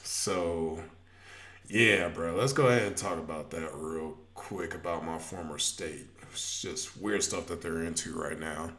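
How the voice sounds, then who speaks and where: A man co-hosts a sports podcast in a laid-back, hesitant manner, with frequent fillers. His voice is very low, with a bright, forceful edge. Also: unhurried. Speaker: podcast co-host. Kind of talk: casual sports chat.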